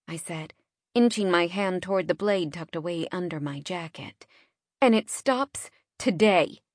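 Close-miked in a studio, a woman reads a first-person audiobook with tense, dramatic delivery and hushed drops. Her pitch is fairly low, and the recording is dry.

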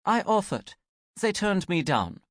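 A man's voice: high-pitched, very animated, measured pace, no echo, voice pushed up. A blunt young woman answers coolly, with a dry, dismissive edge, as a male audiobook narrator puts her on. Her voice sits raised and moves about freely, in a dry close recording. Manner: dry, matter-of-fact, sniffing. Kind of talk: audiobook character voice.

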